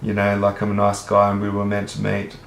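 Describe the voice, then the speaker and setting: An Australian man talks on at length in a low, flat, gravelly voice, earnest and rambling, with casual swearing. The room around him sounds echoey. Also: brisk. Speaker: vlogger. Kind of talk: rambling monologue to camera. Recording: roomy echo.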